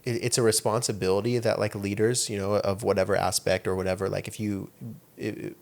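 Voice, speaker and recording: A man's voice: lowish voice, little pitch movement, brisk, gravelly. A young adult man hosting a podcast in casual chat, rambling and leaning on "like" and "you know". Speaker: podcast host.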